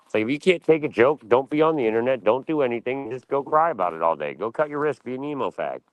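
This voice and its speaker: An American podcast panelist swears and rants bluntly in a casual opinion segment, hopping from gripe to gripe. He talks fast in an expressive, medium-pitched voice, and the audio is dull but free of echo.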